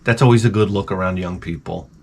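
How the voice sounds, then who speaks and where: A man's voice: sits low, fast talker, vocal fry. A man in his forties with a sarcastic, self-mocking manner, rambling through a comic story outdoors by his shed. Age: 40s. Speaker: vlogger. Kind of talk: rambling comedic monologue.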